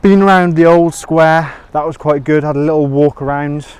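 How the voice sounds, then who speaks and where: A man's voice: fairly high pitch, steady tone, moderate pace, a little mellow, clean tone. Chatty self-deprecating male vlogger. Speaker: motorcycle vlogger. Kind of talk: casual piece to camera.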